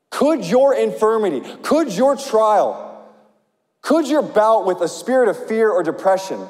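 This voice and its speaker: A man preaching a sermon as pastor, animated and conversational, with asides to the congregation, recorded live in a large church hall. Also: high-pitched, measured pace.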